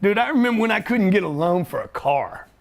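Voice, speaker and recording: A middle-aged man hosting a loud, joking talk about his deals, pushy and full of slang. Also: high-pitched, lively intonation, brisk, creaky, a little hiss or hum. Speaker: host. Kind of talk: energetic office talk to camera.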